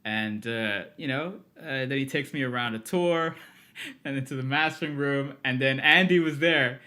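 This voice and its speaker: Bright, animated man telling stories. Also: medium pitch, moderate pace. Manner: animated storyteller, laughs often, acts out quotes. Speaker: podcast guest, music producer. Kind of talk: casual interview storytelling.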